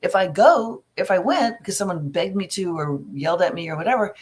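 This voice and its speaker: A woman's voice: fairly low pitch, lively intonation, fairly quick. A middle-aged woman, a family recovery coach, answering viewer questions in a casual, chatty live Q&A and giving frank advice with everyday examples.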